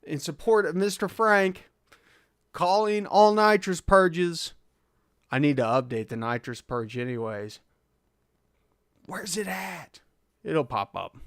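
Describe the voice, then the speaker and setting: A man chats easily on a live stream, answering viewer questions in a relaxed, rambling way and chuckling often. His voice sits a bit high for a man. The sound is close and dry, with no room echo. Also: slow pace, pauses often. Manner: laid-back, chuckling often, reads chat aloud. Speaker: host of a live car tuning stream. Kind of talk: casual live stream chat.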